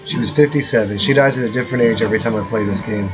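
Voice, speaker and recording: A man's voice: fairly low pitch, very fast, over music, low-quality recording. A man streaming a strategy game, chatting casually in a rambling, joking way with profane asides. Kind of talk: casual let's-play commentary.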